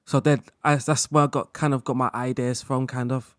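A man's voice: medium pitch, moderate pace, no room sound. Laid-back man chatting on a dry mic. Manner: relaxed, laughs often, loose run-on sentences with many fillers. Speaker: guest content creator. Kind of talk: casual interview chat.

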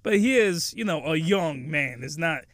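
A young man hosting a comedic review, rambling and excitable, with loud bursts of ranting. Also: on the high side, normal speed, dry recording, clean studio sound. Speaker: host.

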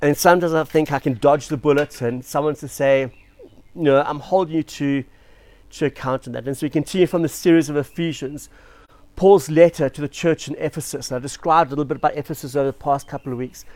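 A man's voice: fairly high pitch, steady tone, brisk, darkish tone, no room sound. A man from South Africa preaching a sermon as pastor, telling stories in a chatty, self-deprecating way.

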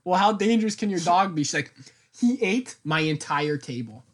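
A man's voice: high voice, expressive, moderate pace, a bit bright. A young man in casual chat, telling stories with lots of laughter and acted-out quotes. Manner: laughing storyteller, acts out quotes.

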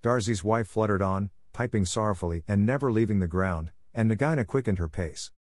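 A man reads a classic story aloud in a steady, clear manner for English learners. His voice is fairly low. The recording is dry and close, with no room sound. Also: fairly quick, no echo. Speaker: audiobook narrator.

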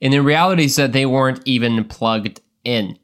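A young adult man hosts a Christian podcast, talking casually and earnestly. He rambles and restarts his sentences as he tells stories, in a voice of average pitch for a man. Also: moderate pace, fairly bright tone. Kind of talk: casual podcast talk with storytelling.

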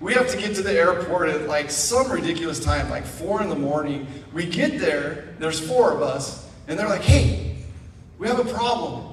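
Brief: high, lively male storyteller, self-mocking, recorded from far back in a reverberant church hall. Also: moderate pace, hardly any pauses, a little hiss or hum. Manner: animated, self-mocking, acts out dialogue. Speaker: guest speaker at church. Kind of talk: storytelling testimony. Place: church sanctuary.

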